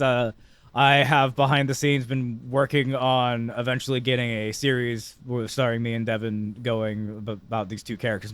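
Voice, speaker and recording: A man's voice: mid-range voice, fairly bright tone, dry recording. A man from Britain chatting on a podcast, rambling and swearing heavily. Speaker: podcast co-host. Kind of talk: casual chat.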